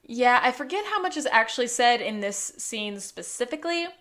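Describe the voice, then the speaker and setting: A woman's voice: a little high, lively intonation, normal speed, a bit bright. A woman co-hosting a podcast, chatting casually and laughing often as she recaps a TV episode. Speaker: podcast co-host.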